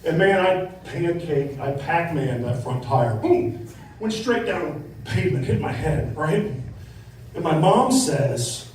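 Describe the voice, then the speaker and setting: A middle-aged man works through a stand-up set in a comedy club, tagging his punchlines with a quick "right?". His voice sits high and leaps around in pitch. The sound is strongly echoey and picked up from a distance, with faint noise underneath. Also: animated, darkish tone. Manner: tag question "right?" after punchlines, acted-out quotes. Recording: echoey club, mic from afar, faint crowd.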